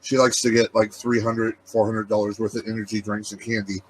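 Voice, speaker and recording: A man's voice: on the low side, flat delivery, brisk, a little hiss or hum, low-quality recording. A man co-hosting a podcast, jumping in with his own story in casual chat. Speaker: podcast co-host.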